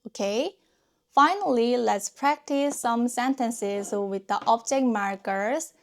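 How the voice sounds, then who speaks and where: Korean-accented woman teaching pronunciation, a bit high and smooth, patient with slow repeats. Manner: patient, demonstrates sounds with slow repeated drills. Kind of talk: pronunciation lesson.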